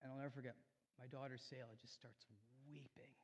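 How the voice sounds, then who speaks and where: A man preaching a sermon in a church, telling a personal story earnestly, rising loud and then dropping soft. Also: mid-range voice, flat delivery, a little fast. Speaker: pastor. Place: church sanctuary. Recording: long hall reverb.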